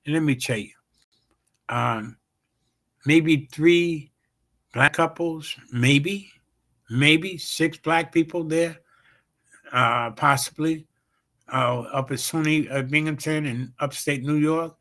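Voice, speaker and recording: A man's voice: a little high, slow, long pauses, a bit bright. A comedian hosting his own show tells a rambling, profane story full of fillers and repeated "bam, bam". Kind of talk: casual storytelling on a livestream show.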